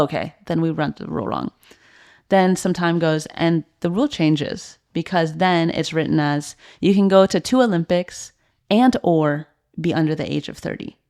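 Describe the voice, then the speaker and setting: Low-voiced woman telling her story candidly. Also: gravelly, darkish tone. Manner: earnest, heavy use of "like" fillers. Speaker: podcast guest, former elite swimmer and coach.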